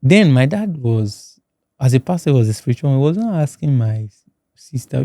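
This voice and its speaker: A man from Nigeria with a Nigerian accent, telling his own story as a podcast guest in a halting way, often repeating words. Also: medium pitch, big pitch swings, warm tone, dry recording, studio quality. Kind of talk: personal testimony in a podcast interview. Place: podcast studio.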